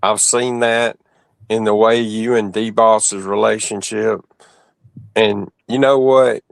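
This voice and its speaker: Slow, calm man with a dry sound. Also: lowish voice, vocal fry, no room sound. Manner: calm, conciliatory. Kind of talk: casual live-stream chat.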